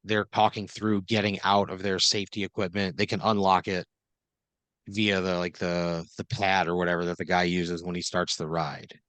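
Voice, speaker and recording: A man with a somewhat low voice improvises a comic adventure story, talking loosely and piling on fillers as he goes. The sound is dry and close, like a podcast mic. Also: level tone, moderate pace, a bit bright, no room sound. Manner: loose, rambling second-person storytelling with many fillers. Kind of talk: improvised comedic narration.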